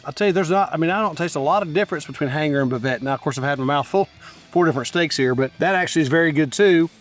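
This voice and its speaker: A man's voice: a little high, very fast, soft background music. A middle-aged man hosting a barbecue cooking show outdoors at a grill, chatting enthusiastically and straight to his viewers as he tastes. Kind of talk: casual cooking and tasting commentary.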